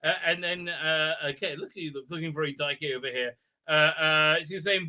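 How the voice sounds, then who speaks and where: A man hosts a live stream in a casual review chat, rambling and sardonic with lots of ums and uhs. His voice is fairly high, pushed and bright, at a moderate pace.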